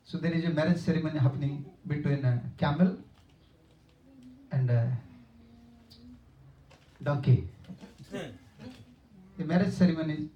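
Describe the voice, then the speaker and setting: In a lecture room, a monk preaches to devotees, telling stories with chuckles while frequently pausing to find words and starting sentences over. His voice sits a little high, and the roomy recording sounds distant and dull.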